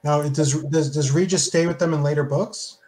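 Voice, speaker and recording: A man's voice: fairly high pitch, steady tone, brisk, darkish tone. A man in a casual book discussion, giving short, laid-back remarks.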